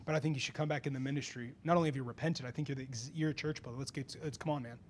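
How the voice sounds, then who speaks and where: A man preaching a sermon to a congregation, animated, building to loud, pressing rhetorical questions. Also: mid-range voice, racing, slight background noise. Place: church before a congregation.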